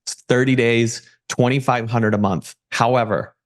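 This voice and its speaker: A man giving a motivational talk and sales pitch about personal branding, with punchy rhetorical questions. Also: steady tone, moderate pace. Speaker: personal branding agency owner. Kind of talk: live presentation pitch.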